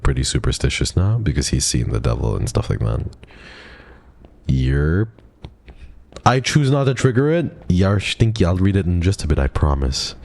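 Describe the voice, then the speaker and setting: A man with a very deep, warm voice chats casually with his viewers while live-streaming a game, and the recording has no echo. He's playful, jumpy and talkative, dropping to a whisper whenever something scares him.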